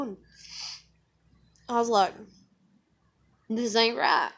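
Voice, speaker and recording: A woman's voice: medium pitch, lively intonation, measured pace, long pauses. A woman telling a personal story in a rambling way, swearing and acting out the dialogue. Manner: rambling, profane, acts out dialogue. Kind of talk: casual storytelling.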